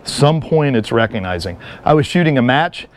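A middle-aged man teaching a live seminar, an energetic instructor who jokes and tells stories to the class. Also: medium pitch, moderate pace. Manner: energetic, joking storyteller. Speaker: firearms and martial arts instructor.

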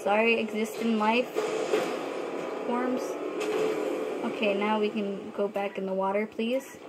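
A young woman chatting excitedly to herself while playing a video game. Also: mid-range voice, slow. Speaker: gamer. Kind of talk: gameplay commentary. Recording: noisy game audio behind.

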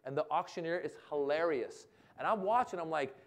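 A comedian spins a story with lots of energy. He slips into other people's lines as he goes. His voice sits a touch high for a man. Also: animated, brisk. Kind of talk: stand-up style anecdote. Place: lecture hall event.

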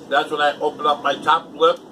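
A man's voice: fairly high pitch, flat delivery, fairly quick, bright, forceful tone, slight background noise. A man talking casually to the camera as a YouTuber, emphatic, repeating pleading warnings over and over. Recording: distant mic with faint music behind.

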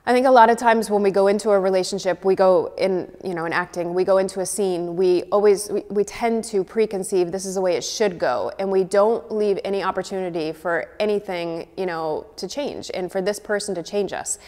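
A woman acting teacher explaining an exercise to her class in a clear, encouraging, conversational way. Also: medium pitch, brisk, hardly any pauses, a little mellow. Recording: long hall reverb.

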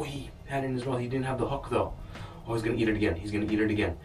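A man's voice: mid-range voice, rapid-fire, far from the mic, slight background noise, poor audio. A man vlogging while ice fishing from a shack, chatting to viewers and cheering on the fish. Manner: excitable, talks to the fish and the viewers. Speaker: fishing vlogger and rental guide. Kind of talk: casual talk to camera while ice fishing.

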